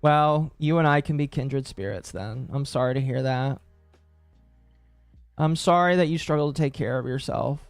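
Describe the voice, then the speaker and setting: A man's voice: mid-range voice, normal speed, creaky, dry recording, soft background music. A man in his late twenties, casually chatting on a stream and answering chat, rambling and correcting himself as he goes. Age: late 20s. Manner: rambling, self-correcting, chuckling.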